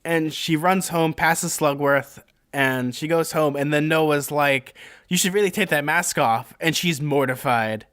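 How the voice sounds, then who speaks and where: A young man co-hosts a casual chat and rambles through a story with jokes and fillers. His voice sits a bit high for a man. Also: a little slow, a bit bright, smooth. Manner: rambling, jokey, many fillers. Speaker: podcast co-host.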